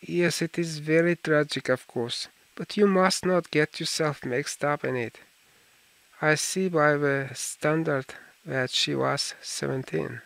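Man voicing an urbane gentleman of the world, slow and measured, gravelly voice, dry close sound. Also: fairly high pitch, dry recording, full character voice, low-quality recording. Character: worldly older aristocrat, cool and languid. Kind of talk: audiobook character reading.

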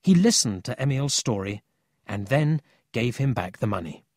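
A man narrating a children's audiobook in a scripted, expressive storytelling manner. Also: medium pitch, normal speed, no echo, studio quality.

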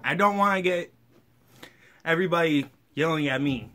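A vlogger with a slightly high, sharp voice chats casually on camera at home at normal speed while eating hot sauce, hiccuping between his lines.

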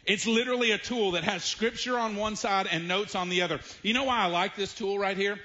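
A pastor with a Southern US accent preaching a sermon in a church, speaking emphatically and slowing down to stress key phrases. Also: male voice, high voice, sharp tone, muffled recording. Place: church sanctuary.

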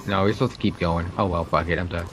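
A young man from Canada joking with friends over voice chat during a co-op game. He talks in a relaxed, teasing way and laughs easily. Faint game sounds sit behind his voice. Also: low-pitched, fast talker, a little hiss or hum. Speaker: gamer. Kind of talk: casual co-op gaming chat.

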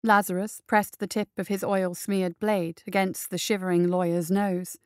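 A woman narrating an action story in a steady, measured reading. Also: mid-range voice, smooth, dry recording, studio quality.

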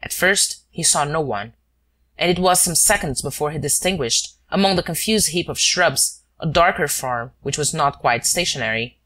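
A woman with a notably low, deep voice narrates an audiobook. Her delivery is measured and steady, carrying the story at an even, unhurried pace. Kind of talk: scripted narration.

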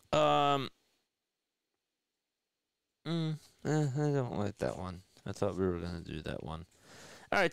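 A man hosting a casual live-stream play-by-play of a baseball game, chatting with his viewers between pitches. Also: vocal fry, a bit bright, smooth, no echo. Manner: chatty, talks to his chat audience.

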